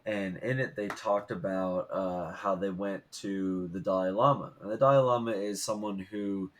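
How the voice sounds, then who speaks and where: Podcast host guy, lowish voice, rambly and thoughtful, lots of uh. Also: fairly even intonation, normal speed. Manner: thoughtful, rambling, many fillers. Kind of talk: casual podcast interview.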